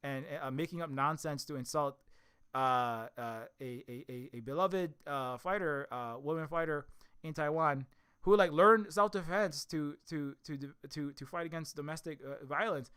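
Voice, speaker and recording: A man giving a rambling, scornful opinion commentary, talking in an animated way and often restarting and repeating words. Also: on the high side, moderate pace, clean tone. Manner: scornful, mocking. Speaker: commentary video host.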